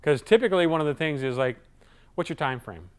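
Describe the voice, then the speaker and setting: A man giving a live sales training talk in a lively, conversational way, acting out what customers say. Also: a little high, fast, clear, resonant tone. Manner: lively, acts out customer voices.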